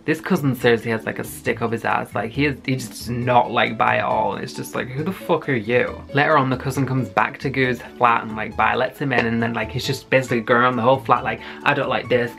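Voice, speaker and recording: A young man recapping a web series in a loose, rambling way, full of fillers and swearing. His voice has a gravelly edge at a middle pitch, with a faint musical bed behind him. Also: fairly even intonation, quick pace, few pauses, a bit bright, faint music behind. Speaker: YouTube reviewer.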